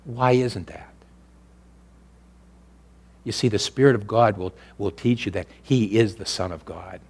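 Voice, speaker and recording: The sermon comes unhurried, as the male preacher drops from loud, elevated delivery into quiet, low intimacy and back again.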